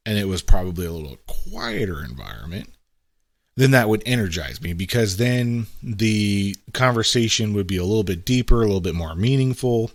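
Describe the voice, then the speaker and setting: On a dry recording, a middle-aged man with a lowish voice hosts a podcast, musing casually in a conversational monologue. He often tosses in "right?" and acts out quotes.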